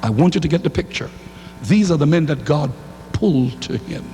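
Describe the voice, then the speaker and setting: A man preaching a sermon in a church, swinging into shouted lines and calling for responses from the congregation. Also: a little high, lively intonation, normal speed. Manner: fiery, rising to shouts, call-and-response. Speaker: pastor. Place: church sanctuary. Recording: hall reverb, faint hum.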